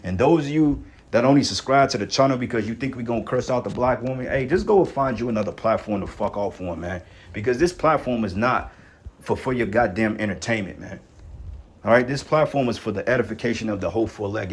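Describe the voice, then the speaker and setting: A man preaching in a blunt, rough-talking, profane rant. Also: mid-range voice, lively intonation, a little fast. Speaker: online preacher.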